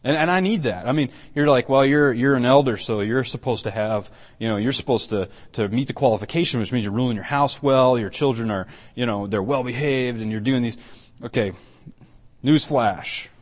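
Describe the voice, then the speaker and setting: At normal speed and a medium pitch, a middle-aged elder delivers a sermon in a conversational style. He frequently repeats and restarts before building toward emphatic points.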